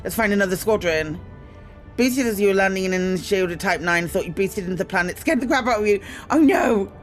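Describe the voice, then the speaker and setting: Brisk and lively in intonation, her mid-range voice carries over soft background music. The British streamer plays a space game, casually chatting and greeting viewers in bursts, with many ums and self-mocking asides.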